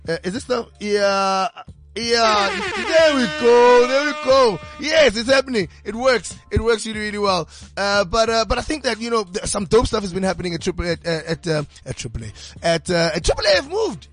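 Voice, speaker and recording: A man hosting a podcast in a studio, talking in an energetic, slangy, rambling way. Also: high voice, normal speed, faint music behind. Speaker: podcast host. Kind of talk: casual podcast chat. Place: radio studio.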